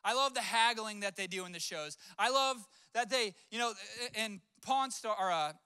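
High, bright-voiced male pastor preaching. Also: moderate pace, clear, resonant tone, no echo, clean studio sound. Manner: conversational storytelling with acted-out quotes. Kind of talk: sermon.

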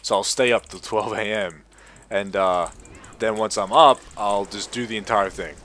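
A tired young man talks through his game in a loose, rambling ramble, swearing freely and poking fun at himself. His voice sits a little low, and keyboard typing clicks along behind him. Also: fairly even intonation, moderate pace, fairly bright tone, a little hiss or hum. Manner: rambling, profane, self-mocking. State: sleep-deprived, tired. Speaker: gaming video creator. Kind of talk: casual gameplay commentary.

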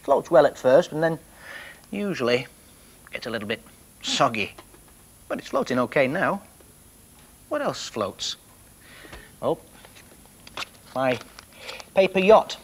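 A man presenting a children's television programme, talking gently and playfully to young viewers as he floats toy boats. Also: fairly high pitch, big pitch swings, slow, long pauses, a little hiss or hum, poor audio.

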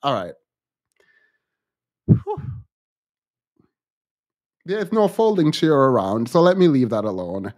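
A man's voice: mid-range voice, sing-song, slow pace, pauses often, a little mellow. A man hosting a reaction commentary, sarcastic and mocking. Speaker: commentary channel host.

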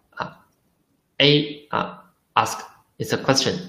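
A man's voice: mid-range voice, measured pace, a bit bright, reverberant, poor audio. A man teaching a lesson in English, patiently repeating syllables for drills. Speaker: Chinese teacher. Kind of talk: language lesson.

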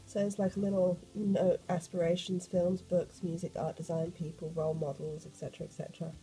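A woman, croaky from a cold, chatting excitedly as she unboxes a sketchbook for an art vlog. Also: on the low side, brisk, soft background music, poor audio. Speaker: art vlogger.

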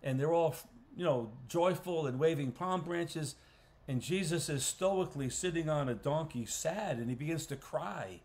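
A man, a pastor, teaching a Bible study in a conversational way, clearing his throat often and restarting phrases. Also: on the high side, normal speed, darkish tone. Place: church. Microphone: livestream recording.

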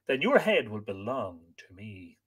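A man's voice: lowish voice, big pitch swings, measured pace, a bit bright, slightly rough, pitched below the performer's own voice, full character voice. A man voicing a fierce, proud fairy woman of the Sidhe, cold and scornful.

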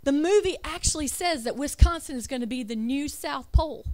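Woman, high voice, emphatic religious talk, rhetorical questions, reads off slides. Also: brisk, a little mellow. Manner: reads lists aloud, self-correcting. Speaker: religious speaker. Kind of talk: preaching over slides.

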